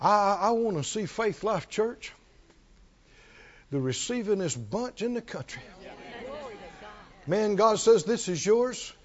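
A man preaching a sermon as pastor, animated and repetitive, calling on the congregation to answer back. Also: high-pitched, takes it slowly, long pauses. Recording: dull lo-fi recording.

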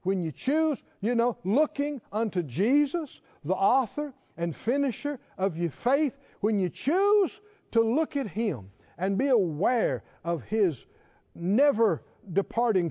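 A man preaching a sermon with impassioned, emphatic delivery that climbs to forceful peaks. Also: high-pitched, sing-song, slow. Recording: dull lo-fi sound with long reverb.

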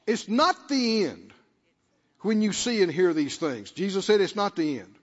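Male preacher, high and fervent, muffled recording with long church echo. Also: big pitch swings, a little slow. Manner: calls out to the congregation, rising to shouts. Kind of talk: sermon.

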